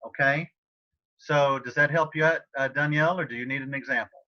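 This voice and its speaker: A male Spanish teacher leads an online class from home, casual and encouraging, calling on students by name. His voice is bright and forward. The computer mic makes the sound a bit dull and muffled. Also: mid-range voice, fairly even intonation, brisk. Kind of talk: online class tutoring session. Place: home, on a video call. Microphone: computer mic on a video call. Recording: slightly dull video call audio.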